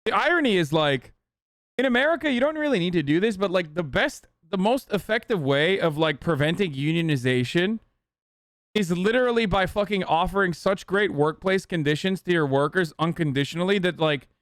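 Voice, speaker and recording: A man's voice: high-pitched, lively intonation, fairly quick, dry recording, clean studio sound. Man ranting profanely on stream. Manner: profane, mocking rant. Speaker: political commentator streamer reacting to a clip. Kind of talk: heated live-stream commentary.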